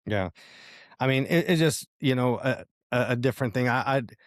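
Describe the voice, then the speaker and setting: Co-host, male, mid pitch, hesitant and searching, dry close sound. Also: normal speed, dry recording. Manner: hesitant, many restarts and fillers, searching for words. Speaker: podcast co-host. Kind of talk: casual faith discussion.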